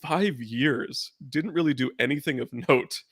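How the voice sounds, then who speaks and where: Gravelly-voiced man hosting a chatty podcast. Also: fairly high pitch, measured pace, no room sound. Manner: chatty, rambling with fillers and restarts. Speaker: podcast host. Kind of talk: casual chat.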